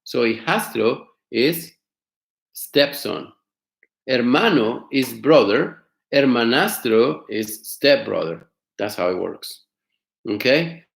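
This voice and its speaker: A man teaching an online class, explaining words slowly, repeating them and asking his students questions. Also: mid-range voice, expressive, creaky, echoey room. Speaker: Spanish teacher. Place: home studio.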